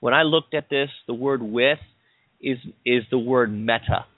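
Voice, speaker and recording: Explaining scripture and posing rhetorical questions, a man preaches in a medium-pitched voice at a slightly slow pace. The audio sounds dry and tinny, phone-like.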